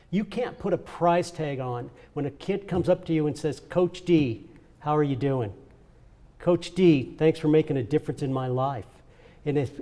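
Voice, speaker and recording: Older man, earnest and mellow. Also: fairly high pitch. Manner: earnest, emotional storytelling with repeats. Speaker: honoree speaking at a charity event. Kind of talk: heartfelt personal speech.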